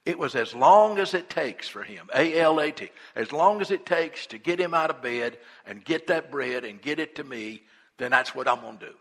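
Pastor type, male, folksy storyteller, slightly high voice with a husky edge. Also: lively intonation, normal speed, a bit bright. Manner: folksy storytelling, retelling a parable in everyday talk; repeats and restarts words. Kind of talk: sermon.

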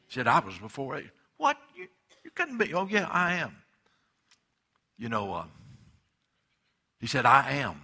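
Slow, bright-toned male preacher. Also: mid-range voice, breathy edge. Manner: emphatic preaching with dramatic pauses. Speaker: pastor. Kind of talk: sermon.

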